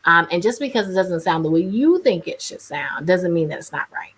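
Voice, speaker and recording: A woman's voice: fairly low pitch, lively intonation, a little fast, a bit bright, breathy edge. A woman in her thirties with a North Carolina accent. She is a radio journalist talking candidly in an interview over a video call, and she laughs easily. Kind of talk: casual interview talk.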